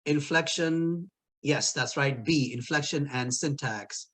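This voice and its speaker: A man's voice: a little high, slow, fairly bright tone. Playful male linguistics teacher. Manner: playful, jokes and laughs at his own quiz answers. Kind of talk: recorded online lecture with quiz.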